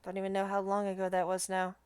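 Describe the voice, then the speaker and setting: A woman voicing the ghost of a male soldier who talks softly and haltingly. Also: fairly high pitch, fairly even intonation, smooth, natural voice. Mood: weary. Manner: hesitant, soft, halting.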